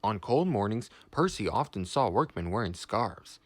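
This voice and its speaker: A man narrating a children's storybook in a measured, expressive way. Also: on the low side, no echo, studio quality.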